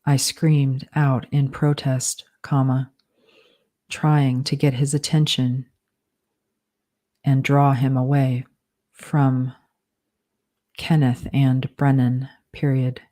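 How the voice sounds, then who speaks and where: A woman reads her own fiction into a dictation app, naming each comma, period and undo as she goes. Her voice sits very low and dark, and she keeps it flat and unhurried, pausing between short phrases. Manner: slow, deliberate phrasing, saying punctuation and edit commands. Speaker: author dictating a novel. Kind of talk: dictating prose aloud with spoken punctuation.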